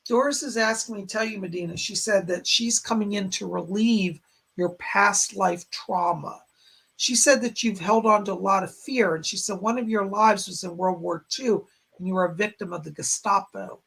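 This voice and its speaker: Psychic guy on a live stream, voice all raspy and worn, husky and crackly, talks in little halting bits. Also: sits high, a bit bright. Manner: short halting phrases, relaying spirit messages. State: strained, hoarse voice. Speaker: psychic medium host. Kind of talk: live-stream chat and readings. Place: home in a rural area.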